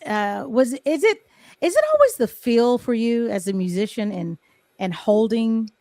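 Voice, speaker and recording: A woman's voice: fairly high pitch, big pitch swings, unhurried, mellow, no echo, studio quality. A woman hosting a casual live-stream interview show, chatty and reading viewer comments aloud. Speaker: talk show host.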